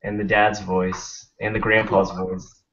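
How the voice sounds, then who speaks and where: A man's voice: on the low side, level tone, unhurried, fairly bright tone. A young man hosting a casual podcast chat, laid-back and rambling, swearing now and then. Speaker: podcast host. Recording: dull lo-fi stream audio.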